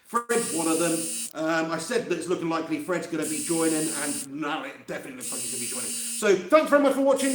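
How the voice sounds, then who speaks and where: A man's voice: sits high, expressive, brisk. A man hosting a live fan reaction stream, chatting casually, laughing often and reading out viewer comments. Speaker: fan channel host. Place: empty room. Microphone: handheld mic close to face. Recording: echoey empty room.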